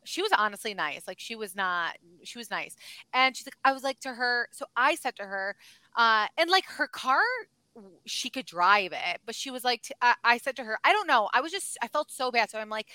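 A woman in her thirties chats with her podcast co-host, and she tells her stories in an animated way, full of "like" and "oh my gosh". Her voice is bright and smooth and sits a little high. The sound is dry and close, with no room echo. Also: a little fast. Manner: animated storyteller, lots of "like" and "oh my gosh". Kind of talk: casual chat.

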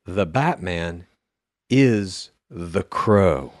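A man's voice: sits low, expressive, extremely slow, no room sound, studio quality. A man in his forties, a podcast co-host, ranting casually and swearing often. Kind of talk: casual comedy chat.

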